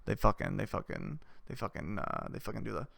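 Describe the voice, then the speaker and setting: A man's voice: lowish voice, lively intonation, brisk, vocal fry, fairly bright tone, no echo, clean studio sound. A man hosting a comedy podcast, delivering a rambling, profane, worked-up rant. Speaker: podcast host.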